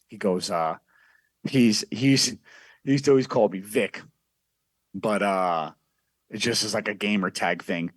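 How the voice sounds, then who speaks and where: A man's voice: on the low side, unhurried, pauses often, no echo. A man telling a brash, profane story as a guest on a casual podcast.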